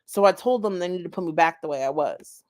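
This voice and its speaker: A woman's voice: on the low side, fast talker, darkish tone, lightly acted. A woman voicing a tiny, bubbly, childish woman who talks in a whiny, self-assured way. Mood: complaining.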